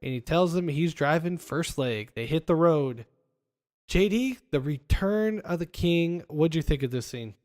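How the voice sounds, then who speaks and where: Man host, somewhat high voice, retells scenes with acted-out quotes. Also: measured pace. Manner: animated retelling, acting out quoted lines. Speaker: podcast host. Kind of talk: casual chat, recapping film scenes.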